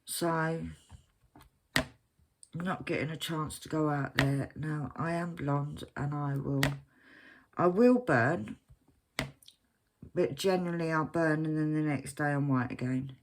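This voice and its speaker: A woman's voice: deep voice, steady tone, measured pace, background noise. A woman chatting casually while she crafts at home, rambling and poking fun at herself. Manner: rambling, chatty, self-mocking. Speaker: crafting vlogger. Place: at home, at her craft desk.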